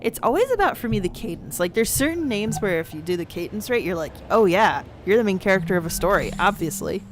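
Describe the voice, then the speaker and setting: A woman's voice: mid-range voice, sing-song, quick pace, few pauses, noisy background. A woman co-hosting a podcast, chatting casually and going off on tangents while reading game text aloud. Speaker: podcast co-host.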